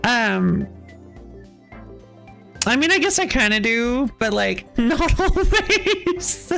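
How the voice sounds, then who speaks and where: A woman's voice: fairly high pitch, very animated, takes it slowly, creaky, a bit bright, soft background music. A woman streamer chatting casually while playing, ranting with frequent laughs and sighs. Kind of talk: casual game stream chat.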